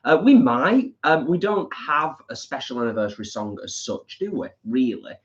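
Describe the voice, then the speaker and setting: A man's voice: mid-range voice, animated, moderate pace. A man with a mid-range voice reads out viewer comments and chats back on a live stream. His delivery is casual and friendly-paced. The recording sounds muffled and lo-fi. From England. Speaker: co-host reading viewer comments. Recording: dull lo-fi sound.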